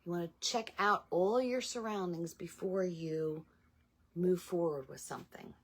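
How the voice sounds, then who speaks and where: Middle-aged female host, slightly low voice, rambling spiritual chat with fillers. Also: unhurried. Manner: chatty, meandering, with many ums and asides. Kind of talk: casual talk to viewers.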